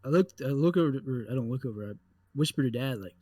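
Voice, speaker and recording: A young adult man co-hosting a podcast tells a story in a casual, animated way, swearing a lot. His voice is mid-range and quick, with no echo.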